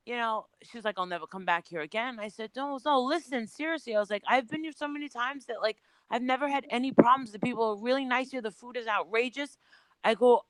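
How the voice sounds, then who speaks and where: A woman's voice: mid-range voice, bright, forceful tone, clean tone, dry recording, rough recording. A woman on a remote call, telling a personal story as a panel guest in a candid, chatty way with some swearing.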